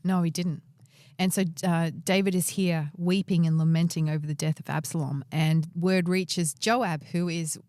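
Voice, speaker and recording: Low-voiced woman co-hosting a podcast. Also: steady tone, moderate pace, a little mellow, no echo, clean studio sound. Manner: retells the story conversationally, asks her co-host questions. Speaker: podcast co-host. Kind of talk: casual Bible discussion.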